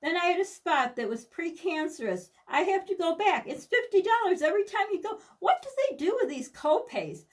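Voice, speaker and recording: A woman's voice: very high-pitched, big pitch swings, fairly quick, few pauses, recorded from a distance. A middle-aged woman from the United States, talking candidly and rambling in a personal vlog, with many restarts and asides. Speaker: vlogger.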